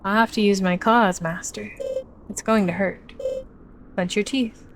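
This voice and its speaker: A woman's voice: medium pitch, steady tone, a little slow, a little hiss or hum, natural voice. A woman voicing a loyal beast servant who speaks to its master earnestly and anxiously. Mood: urgent. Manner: pleading, earnest.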